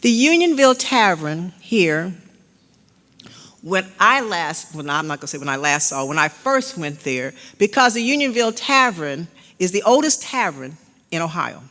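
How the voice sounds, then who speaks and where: A woman's voice: fairly low pitch, big pitch swings, normal speed, sharp tone. An older woman giving a slide-show history lecture, chatty and informal, calling for the next slide. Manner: conversational, with frequent fillers and restarts, cueing slides with "next". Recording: long hall reverb.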